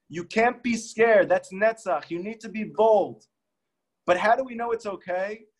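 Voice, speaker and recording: A man, a rabbi, giving a spiritual teaching talk, impassioned and acting out pleading prayers in his own voice. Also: high-pitched.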